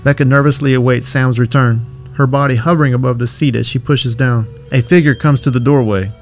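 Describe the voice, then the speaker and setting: A man tells a scripted horror story in a steady, even voice, with soft music under him. His pitch is mid-range for a man. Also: a little fast. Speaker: narrator.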